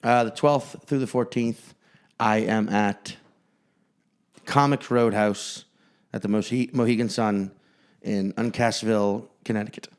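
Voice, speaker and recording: A man's voice: fairly low pitch, fairly even intonation, a little slow, long pauses, smooth. A man co-hosting a comedy podcast, telling stories in a loose, rambling way and joking with his co-host. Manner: rambling storyteller with playful repetitions. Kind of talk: casual chat.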